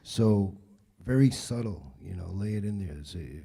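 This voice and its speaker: A man speaks in a low, dark, husky voice. He answers questions in an easygoing, rambling way, full of fillers and restarts. It is casual panel talk. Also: measured pace. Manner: relaxed, rambling, frequent fillers. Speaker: director answering audience questions.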